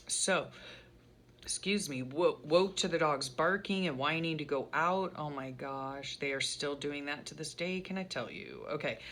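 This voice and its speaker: A middle-aged woman rambling casually through her journal pages at home, often pausing to recall what happened. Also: sits low, fairly bright tone, slight background noise. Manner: chatty, rambling, pauses to recall. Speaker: journaling vlogger.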